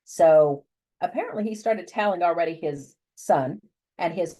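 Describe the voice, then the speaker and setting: A woman from the United States, an interview guest telling a personal story in a lively way and acting out the voices of the people she quotes. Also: fairly low pitch, unhurried, poor audio. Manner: animated, acts out voices when quoting people.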